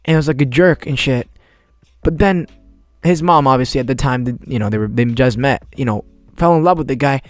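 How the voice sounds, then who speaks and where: A man's voice: medium pitch, brisk, dry recording, soft background music. A man in his twenties hosting a casual solo podcast, rambling in laid-back slang with cursing. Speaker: podcast host.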